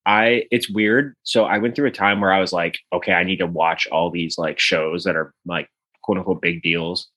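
A man co-hosting a podcast, chatting casually and retelling TV scenes with squeaky put-on voices. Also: steady tone, moderate pace, sharp tone. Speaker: podcast co-host. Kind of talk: casual chat.

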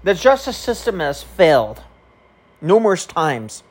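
A man's voice: sits high, big pitch swings, a little slow. A man streaming and vlogging, talking casually to camera in a rambling, profane way with many filler ums.

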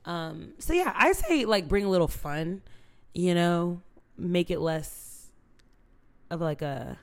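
Woman, young adult, low voice, podcast co-host, casual chat, blunt, playful. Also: expressive, slow. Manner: blunt, playful, swears freely.

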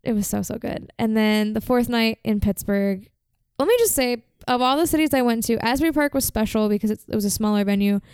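A young woman with a higher voice that sounds very smooth and clear. She tells stories in a chatty podcast style, full of filler words. The recording is close and dry. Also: fairly quick, few pauses, a little mellow, no echo. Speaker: podcast co-host. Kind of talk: casual chat.

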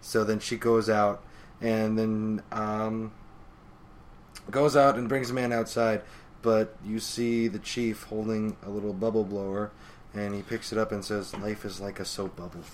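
A man co-hosting a podcast, calmly recapping a manga chapter in a low-key, casual way. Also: unhurried, a little hiss or hum. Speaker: podcast co-host.

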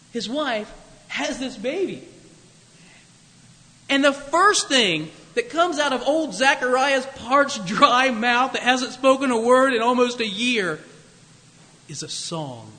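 High-voiced preacher in a big hall. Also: male voice, sharp tone. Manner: conversational, jokey, many asides. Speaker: pastor. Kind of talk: sermon.

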